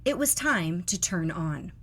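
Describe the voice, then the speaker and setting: A woman narrating a scripted story in an expressive, unhurried way. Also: fairly low pitch, slightly rough, faint music behind.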